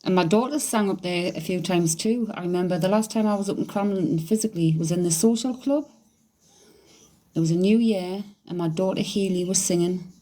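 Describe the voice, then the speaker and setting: A middle-aged woman, chatting casually on a livestream, excitable, laughing often and swearing freely. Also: fairly low pitch, fairly quick. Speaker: psychic medium livestreamer. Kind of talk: casual livestream chat reading comments.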